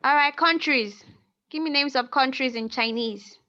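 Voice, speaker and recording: A woman's voice: high voice, moderate pace, bright, forceful tone, a little hiss or hum. A woman teaching a language class over a video call, patiently repeating words and prompting her students. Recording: muffled video call audio.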